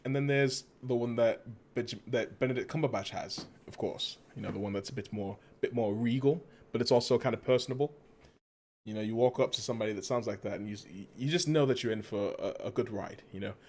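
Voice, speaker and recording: A man doing a put-on British accent, playing a suave, regal gentleman in a low, hushed, mock-posh voice. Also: a little fast, a little hiss or hum, natural voice.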